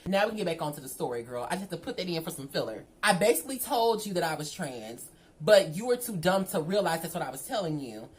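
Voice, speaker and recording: A young woman with a slightly low voice spills a story to her viewers. She talks in a sassy, animated way, calling the listener "girl" as she goes. It is a casual, chatty vlog delivery. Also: fast. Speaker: storytime vlogger.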